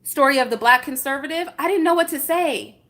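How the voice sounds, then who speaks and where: A middle-aged woman from San Francisco telling a story in casual livestream chat, indignant and animated, firing off rhetorical questions. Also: high-pitched, brisk. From San Francisco, USA. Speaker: vlogger reacting to chat.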